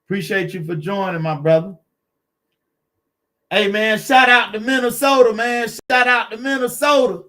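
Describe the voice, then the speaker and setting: A man's voice: high voice, normal speed, sharp tone. A man hosting a car channel live stream, chatting with viewers in a laid-back, encouraging way and greeting them by name.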